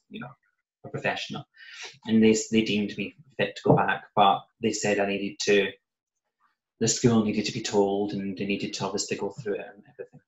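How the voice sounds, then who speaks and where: A British man quietly telling a personal story in a casual podcast chat, often voicing what he said and thought back then. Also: fairly low pitch. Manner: soft-spoken, recounting with quoted asides. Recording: roomy, slightly muffled podcast audio.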